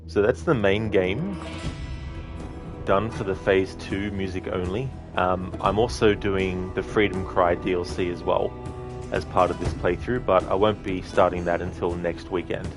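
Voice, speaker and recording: Male streamer, very low voice, rambling friendly chat with viewers. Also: fairly even intonation, a little slow, over music. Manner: chatty, thanks viewers by name, rambling asides. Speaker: game streamer. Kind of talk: casual livestream chat.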